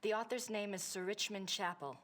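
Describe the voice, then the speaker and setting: A woman's voice: mid-range voice, brisk, fairly bright tone, close to an everyday voice. An actress playing an earnest, polite young woman researcher who is persistent on the phone.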